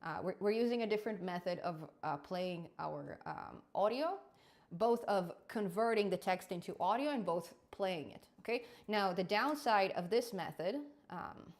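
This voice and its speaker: A woman's voice: mid-range voice, expressive, moderate pace. Woman explaining code step by step. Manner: explanatory, checks in with "okay?", frequent fillers. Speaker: coding tutorial host. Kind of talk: screen-recorded programming lesson.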